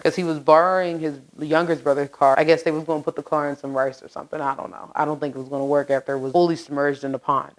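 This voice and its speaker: A woman's voice: deep voice, poor audio. A woman hosting a true crime channel, telling a case in casual, chatty commentary, swearing and laughing at her own asides.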